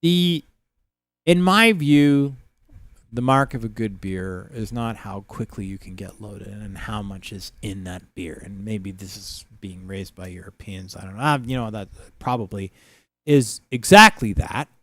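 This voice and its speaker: A man's voice: on the low side, unhurried, fairly bright tone, no room sound. A man hosting a livestream, telling rambling, profane stories in casual chat with many fillers. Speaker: livestream host.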